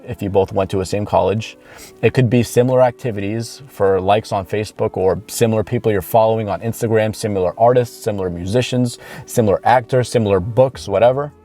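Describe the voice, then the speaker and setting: Man, dating coach, instructional talk to camera, earnest, warm tone. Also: medium pitch. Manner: earnest, repeats key points for emphasis.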